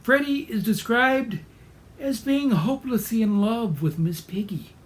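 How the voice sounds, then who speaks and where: A man narrating a scripted video essay in a fairly high voice, bookish and detailed. He keeps a wry, lightly amused edge throughout. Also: unhurried. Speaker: presenter.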